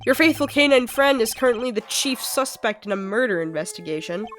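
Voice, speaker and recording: A woman's voice: fairly high pitch, expressive, a little fast, fairly bright tone. A sick-sounding woman voicing a composed male prosecutor, delivering lines in a dry, matter-of-fact way over faint music. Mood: cool.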